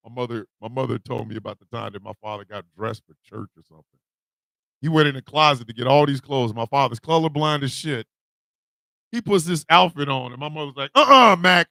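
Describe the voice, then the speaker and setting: A man hosting a morning radio show, telling comic confessions with put-on voices and loud, laughing bursts. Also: a little high, no echo. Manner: animated storytelling with put-on voices. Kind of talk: comedic radio monologue.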